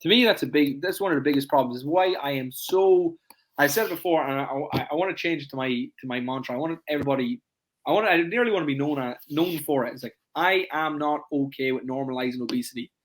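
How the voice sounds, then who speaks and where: A man, a fitness coach hosting a casual podcast, talking emphatically and leaning on "it's like" again and again. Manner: rapid, emphatic, repeats "it's like" constantly; acts out clients in high voices.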